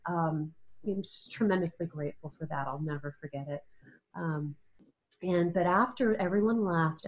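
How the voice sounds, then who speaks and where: Woman, middle-aged, interview guest, husky and low-pitched, emotional storytelling. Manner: tearful at times, laughing through emotion.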